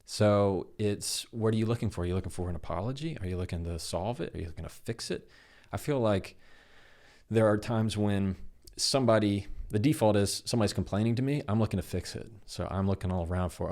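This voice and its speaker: A man's voice: fairly low pitch, quick pace. A man in his thirties, a guest on an interview show, explaining how to handle difficult conversations and acting out quoted dialogue. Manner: animated, acts out quoted dialogue. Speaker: guest, communication expert.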